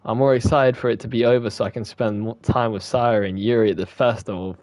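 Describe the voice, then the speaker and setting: A man's voice: lowish voice, steady tone, a little fast, darkish tone, no room sound. A young man reads a visual novel aloud and swears freely between lines. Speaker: gaming streamer.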